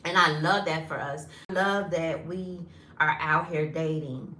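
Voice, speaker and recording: Chatty woman in her fifties, bright voice. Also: deep voice, a little slow, echoey room, slight background noise. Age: 50s. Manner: chatty and animated, addresses viewers as y'all. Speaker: lifestyle vlogger. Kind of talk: casual storytelling vlog.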